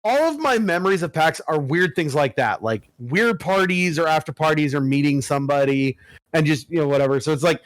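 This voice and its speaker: A man co-hosting a podcast, telling a story in casual chat, animated and full of swearing. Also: on the high side, fairly quick, no echo. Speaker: podcast co-host.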